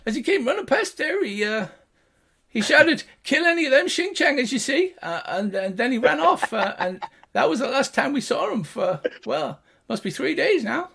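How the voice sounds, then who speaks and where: Man doing a gnome guard, squeaky high, stammering, bumbling, nervous. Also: big pitch swings, normal speed, vocal fry, sharp tone, slightly rough, exaggerated voice. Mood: flustered. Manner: hesitant, rambling, full of uhs and repeats.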